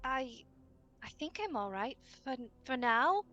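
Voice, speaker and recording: A woman's voice: sits high, very animated, a bit bright, dull audio, faint music behind, pitched above the performer's own voice, full character voice. A woman voicing a frightened young woman who stammers and halts through every sentence. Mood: shaken. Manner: stammering, halting.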